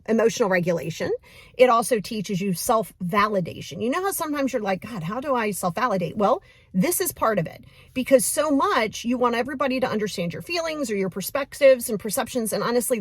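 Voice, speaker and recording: A woman leading a guided mindfulness exercise, talking casually and straight to the viewer with lively bursts. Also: on the high side, dry recording. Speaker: mindfulness coach.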